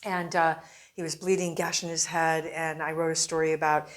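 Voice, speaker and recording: A woman newspaper reporter, a guest on an interview show, telling animated anecdotes and acting out quotes in casual conversation. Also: low voice, normal speed. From Arizona.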